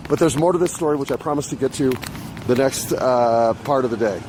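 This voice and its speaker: A man's voice: mid-range voice, fairly quick. A man hosting his own show, telling a rambling, profane story aloud while out on the street and riding a bus, recorded on a phone. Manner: profane, rambling, animated when retelling. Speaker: podcast host. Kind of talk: casual storytelling monologue. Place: outdoors on the street and at bus stops. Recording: faint street and traffic noise.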